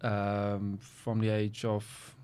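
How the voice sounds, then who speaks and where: A man's voice: on the low side, drawn-out words, clear, resonant tone. Young south african guy, laid back athlete guest, lots of ums. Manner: relaxed, hesitant, many ums. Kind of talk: casual interview chat.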